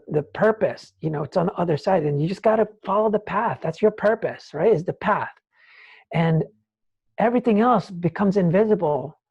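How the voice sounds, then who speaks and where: A man, a nonprofit founder, talking as an interview guest and acting out scenes in a lively, casual storytelling way. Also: high-pitched, slightly rough, muffled recording. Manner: animated, acts out scenes, many "like"s.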